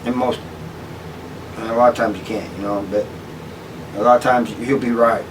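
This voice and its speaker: A man's voice: fairly low pitch, fairly even intonation, normal speed, recorded from a distance, noisy background. A man hosting his own channel, casually telling a story with many restarts and asides. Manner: rambling, with frequent restarts and "you know" asides. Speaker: channel host telling prison stories.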